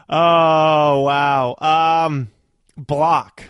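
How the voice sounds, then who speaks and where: A young adult man co-hosting a casual podcast, telling stories slowly and laughing easily. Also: a little high, dry recording, studio quality. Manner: slow-talking, laughs easily, chatty storyteller. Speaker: podcast co-host. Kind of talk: casual chat.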